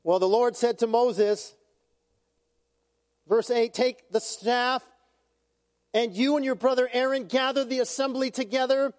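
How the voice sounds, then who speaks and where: A man preaching a sermon as pastor, conversational and lively, with humorous asides. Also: very high-pitched, unhurried, pauses often. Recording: long hall reverb.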